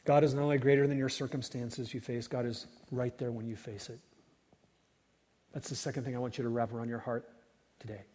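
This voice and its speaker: Husky preaching man in a reverberant hall. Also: medium pitch, flat delivery, brisk. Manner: dynamic preaching, swells loud then drops to whispers. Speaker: pastor. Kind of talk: sermon.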